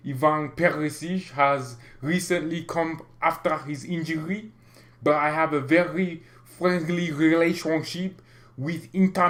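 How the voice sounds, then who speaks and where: A man doing an impression of a calm older football executive in an exaggerated put-on French accent. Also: fairly high pitch, pitched above the performer's own voice, natural voice. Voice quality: exaggerated mock accent, measured phrasing.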